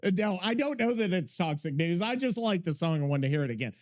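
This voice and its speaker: A man's voice: sits high, big pitch swings, fast, darkish tone. A man hosting a podcast in a casual, rambling way, swearing often and breaking off mid-thought while he works on something. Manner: profane, scattered, self-interrupting, working while talking. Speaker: podcast host.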